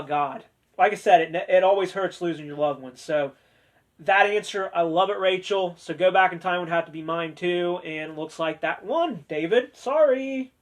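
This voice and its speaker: Male host, high voice, casual joking chat with sarcastic asides, sincere streak. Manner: chatty and joking, with playful sarcasm. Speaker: host of a discussion video.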